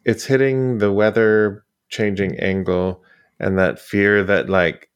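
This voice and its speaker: A man's voice: fairly low pitch, fairly even intonation, slow pace, smooth, lo-fi sound. A man co-hosting a podcast who talks about a film's cast and story in an easygoing, casual way. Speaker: podcast co-host. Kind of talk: casual film discussion.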